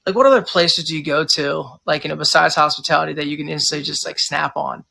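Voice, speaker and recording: An American man who owns and manages a pub chats casually in an interview, his voice fairly high and fast with vocal fry. He rambles through animated stories, acting out his customers' lines as he goes.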